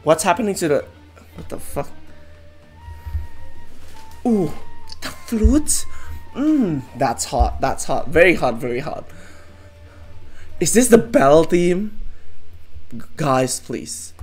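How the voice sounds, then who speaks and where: Excitable streamer, slow and swearing. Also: mid-range voice, faint music behind. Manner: excitable, swears, many exclamations. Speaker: streamer reacting to a livestream. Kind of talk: live reaction commentary.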